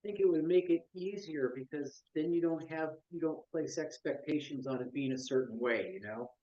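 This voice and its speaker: A man's voice: on the high side, moderate pace, dark tone. Man, class participant, reflective and agreeable, muffled lo-fi audio. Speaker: student. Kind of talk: casual class discussion.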